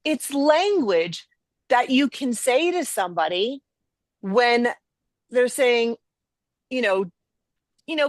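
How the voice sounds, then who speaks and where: A middle-aged woman hosts a podcast in a lively, emphatic teaching style, slipping into quoted voices as she explains. Her voice sits a bit high, and the close, dry recording has almost no room sound. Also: takes it slowly, long pauses, no room sound. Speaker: podcast host.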